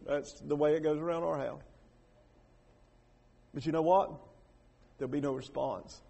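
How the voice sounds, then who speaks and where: A man preaching a sermon. He repeats words, asks the congregation questions and swings between hushed lines and loud raised bursts. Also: on the high side, fairly even intonation, moderate pace, vocal fry, pauses often, husky.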